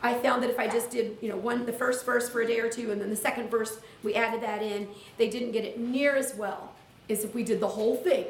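A woman's voice: fairly high pitch, a little fast, a little hiss or hum. Chatty teacher woman in an echoey room. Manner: lively, chatty, with teacherly asides. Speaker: teacher leading a workshop. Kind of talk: live classroom-style workshop talk. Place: room with audience. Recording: echoey room, far from the mic.

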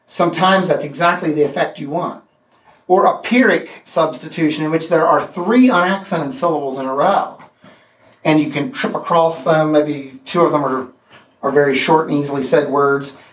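A man teaching a poetry class, speaking haltingly with restarts and counting out the beats of meters. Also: a little high. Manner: halting, many restarts and fillers, counts out rhythms. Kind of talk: classroom lecture. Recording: echoey room from far off.

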